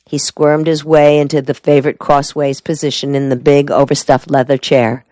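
Woman audiobook narrator, low voice, dry close recording, measured. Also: level tone, dark tone, dry recording. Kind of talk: scripted narration.

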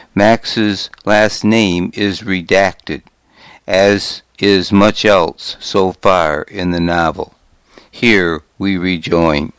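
Male volunteer audiobook reader, deep voice, crisp, dry close sound. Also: no echo. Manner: calm, steady reading. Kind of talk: audiobook narration.

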